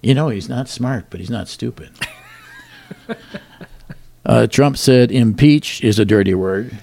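Gravelly man reading wry joke news. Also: medium pitch, unhurried, darkish tone. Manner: dry, wry delivery with chuckles. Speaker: comedy show host.

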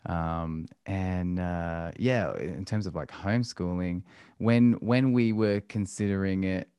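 Man, very deep voice, reflective, many ums, dry close mic. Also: slow pace, warm tone, clear, resonant tone, dry recording. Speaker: podcast guest, musician and homeschooling parent. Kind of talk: casual interview talk.

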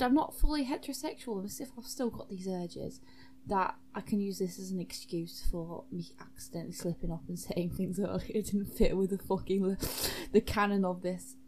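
A woman's voice: mid-range voice, a little mellow, a little hiss or hum, low-quality recording. A young woman improvising a comic story, rambling, self-mocking and swearing freely.

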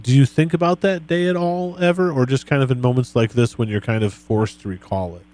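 A man hosting a podcast interview, talking in a relaxed, friendly way as he asks his guest questions. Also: mid-range voice, fairly quick. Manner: relaxed, friendly, reads quotes back to the guest. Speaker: podcast host. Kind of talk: conversational interview.

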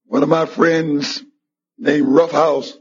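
On a dull lo-fi tape from a meeting hall, a man at a recovery meeting recounts his story, voicing the things others told him. He talks slowly in a fairly high, slightly rough voice that barely moves in pitch.

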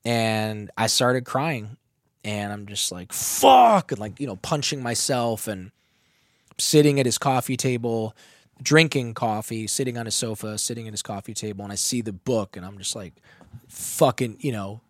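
A man's voice: lowish voice, moderate pace, no echo, studio quality. A man telling a candid personal story, emotional and full of swearing. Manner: emotional, profane, animated storytelling.

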